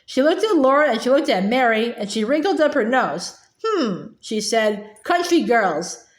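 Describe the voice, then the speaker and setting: A woman reading a children's book aloud in a halting way, with fillers and restarts. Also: high-pitched. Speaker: reader. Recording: echoey room.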